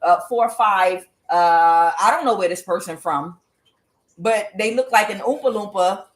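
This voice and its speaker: A woman's voice: medium pitch, rough recording. A woman giving a casual tarot reading, talking bluntly with profanity and drifting into rambling asides to her cat. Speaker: tarot reader.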